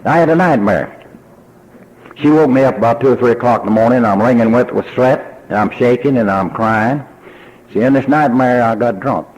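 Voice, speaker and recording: A man's voice: mid-range voice, normal speed, darkish tone, rough recording. An older man with a Texan accent giving a personal testimony at a recovery convention, telling his story in a folksy way and acting out remembered dialogue. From Texas.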